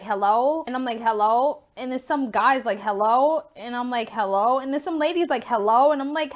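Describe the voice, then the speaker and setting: Young woman vlogger, slightly high-pitched, recorded on a phone at home, lively storyteller with plenty of cursing. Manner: animated, swears freely, acts out quotes. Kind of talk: casual storytime vlog.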